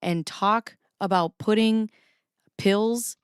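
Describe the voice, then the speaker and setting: Speaking slowly at a medium pitch, a female livestream host talks to her chat from her home basement, camera aimed at herself. She's chatty and profane, often laughing while reading documents, and the recording is dry, clean, and studio-like.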